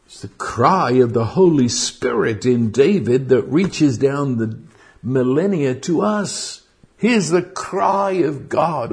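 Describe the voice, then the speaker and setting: A man preaching a sermon, slow and earnest, often repeating words as he restarts, rising to fervent outbursts. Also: medium pitch, animated, a little mellow.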